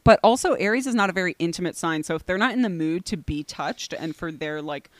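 A woman's voice: fairly low pitch, expressive, fairly quick, no room sound. Woman podcast co-host, casual and giggly, loose filler-heavy chat, dead-dry close recording. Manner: chatty, laughs often, lots of fillers.

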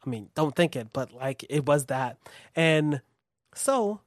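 A man's voice: fairly high pitch, lively intonation, slow, no room sound, studio quality. A young man in casual chat, rambling and swearing with many restarts while he tells a story. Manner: rambling and profane, many restarts, acts out quotes.

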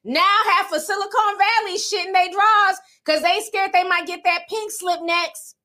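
Woman host, high and bright, sassy and animated. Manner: sassy, animated, calls viewers sis and honey. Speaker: podcast host reading super chats. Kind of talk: casual livestream chat.

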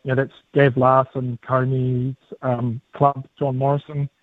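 A man with a New Zealand accent, a comedian and actor, chatting as a radio guest in a relaxed, self-mocking way. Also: medium pitch, unhurried, dry recording. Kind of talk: casual phone interview. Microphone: phone line. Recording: tinny phone line.

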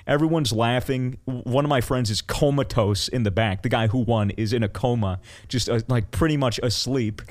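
A man's voice: medium pitch, normal speed, hardly any pauses. A young man telling stories in casual chat, rambling with fillers, swearing freely and acting out what others said. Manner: acts out quoted people in raised voices. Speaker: podcast co-host.

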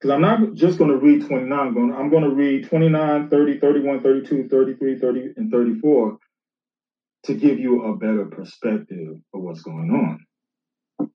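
A man's voice: mid-range voice, moderate pace. A man, a minister, casually rebutting critics and reading scripture aloud, repeating himself and talking straight to his opponent. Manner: conversational, repeats himself, addresses an opponent directly. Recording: roomy, distant, dull lo-fi sound.

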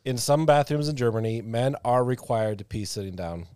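Laid-back podcast guy, lively pitch. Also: moderate pace, clear, resonant tone, no room sound, studio quality. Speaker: podcast co-host. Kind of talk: casual comedy podcast chat.

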